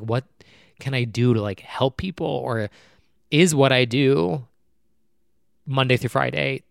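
A young man and YouTube creator venting to the camera about his feelings, rambling and halting, close to tears. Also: medium pitch, gravelly, no echo. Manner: rambling, halting, full of "like" and restarts. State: close to tears, voice dropping low. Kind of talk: emotional personal vent to camera.

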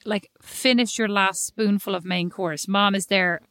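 A woman's voice: mid-range voice, fairly even intonation, unhurried, fairly bright tone, no room sound, clean studio sound. A woman co-hosting a casual chat, teasing and mock-indignant. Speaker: podcast co-host. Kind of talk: casual chat between sisters.

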